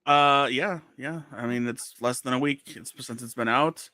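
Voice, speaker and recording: A man hosting a casual podcast, joking and teasing his co-host with quick asides. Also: medium pitch, bright, forceful tone, dry recording, studio quality.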